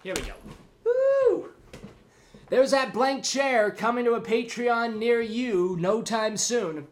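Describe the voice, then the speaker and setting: Hosting his podcast solo, a man with a very high-pitched voice speaks a little slowly and sounds out of breath. He rambles casually, cracking jokes at his own expense.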